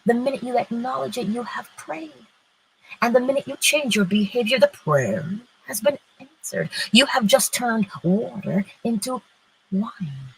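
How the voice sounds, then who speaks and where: Husky, animated woman giving slow inspirational talk. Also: mid-range voice, rough recording. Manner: emphatic and conversational, answers viewers' comments and laughs often. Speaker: host of a live-streamed morning inspiration show. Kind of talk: inspirational preaching mixed with casual chat.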